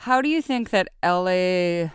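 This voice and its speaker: A woman's voice: lowish voice, lively intonation, measured pace, clean tone, no echo, studio quality. A woman hosting a podcast, asking questions in a curious, easygoing way and laughing readily. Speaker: podcast host. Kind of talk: casual podcast conversation.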